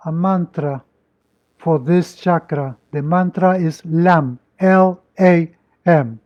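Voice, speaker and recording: A man leading a live-streamed guided meditation, speaking slowly and soothingly with gentle instructions. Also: fairly high pitch, no echo. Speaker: meditation teacher. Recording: dull lo-fi audio with music. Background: soft meditation music.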